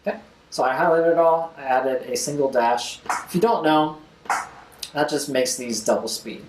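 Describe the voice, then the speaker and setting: Young man casually explaining music software. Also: fairly high pitch, moderate pace, echoey room, a little hiss or hum, low-quality recording. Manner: casual, talks while clicking, scats rhythms aloud. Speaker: music tutorial host. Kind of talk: screen-recorded software tutorial.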